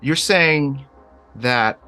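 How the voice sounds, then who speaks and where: A man's voice: mid-range voice, very slow, bright, forceful tone, soft background music, pitched above the performer's own voice. A man voicing a profit-minded woman executive who demands clarity and cares only for money. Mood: skeptical, mercenary. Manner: clipped, skeptical, mercenary.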